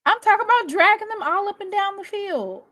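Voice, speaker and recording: A woman co-hosting a casual sports podcast, animated and teasing. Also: very high-pitched, a little fast, no room sound, studio quality. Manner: animated, teasing, laughs often. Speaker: podcast co-host.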